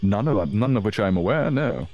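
A man playing a character in a tabletop game, answering in slow, formal, courtly phrases. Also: lowish voice, big pitch swings, a little mellow. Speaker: player.

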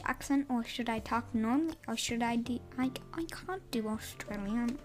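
A woman's voice: on the high side, moderate pace, soft background music. A woman hosting a casual podcast, rambling and hesitant, often correcting herself, with wry, self-deprecating humor. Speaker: podcast host. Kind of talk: casual unscripted podcast update.

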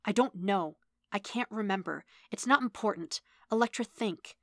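A woman voicing an earnest, guarded male android who speaks softly, almost in a whisper. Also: medium pitch, animated, normal speed, no echo, clean studio sound. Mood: terse, pressing. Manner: hushed, near-whispered.

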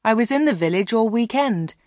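A woman voicing a hurt young village man in a storybook reading, speaking plainly and quietly accusing. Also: a little high, animated, brisk, dry recording, clean studio sound, voice pushed up, lightly acted.

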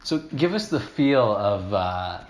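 A man's voice: fairly low pitch, very animated, slow, echoey room. A young man co-hosting a casual podcast, playfully questioning his friend like a mock interviewer. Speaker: podcast co-host. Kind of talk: casual chat.

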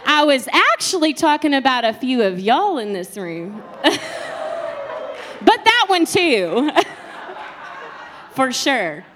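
A woman, preaching a passionate sermon that swings between soft and loud. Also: high-pitched, very animated, slow, pauses often, a little hiss or hum.

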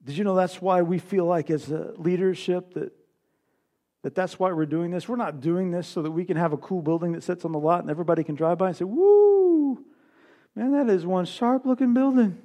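A man pastor preaching a sermon to his congregation, impassioned, swinging from loud declarations to hushed lines. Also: fairly high pitch, fairly even intonation, fast.

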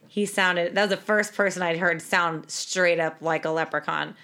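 A young woman co-hosting a podcast, telling stories in casual chat, animated and laughing as she acts out the people she quotes. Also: fairly low pitch, normal speed. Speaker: podcast co-host.

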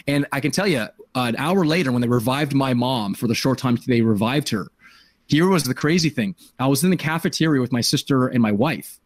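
A man's voice: mid-range voice, a little fast, no room sound, clean studio sound. Earnest man telling a personal story. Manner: earnest, emotional, repeats words while searching for them. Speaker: podcast host.

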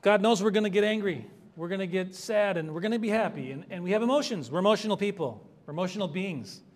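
A man's voice: sits high, fast talker. A man preaching an expository sermon as pastor, earnest and conversational, rising in emphasis on key points. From United States.

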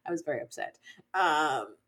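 A woman co-hosting a chat podcast, her pitch swinging widely as she talks. She is blunt and laughs a lot, and she acts out quoted lines. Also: expressive, normal speed, fairly bright tone. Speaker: podcast co-host. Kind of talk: casual chat.

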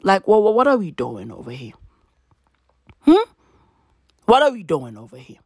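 A woman's voice: mid-range voice, huge pitch swings, moderate pace, a little mellow, husky, dry recording, clean studio sound. A South African woman in her twenties delivering a profane, exasperated rant to camera, swearing and repeating her questions. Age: 20s. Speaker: vlogger. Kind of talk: profane ranting monologue.

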